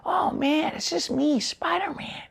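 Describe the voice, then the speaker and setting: A man putting on a high, whispery impression of a meek teenage boy superhero to mock him. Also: a bit bright, exaggerated voice. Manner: high, breathy, whispery, drawn-out delivery.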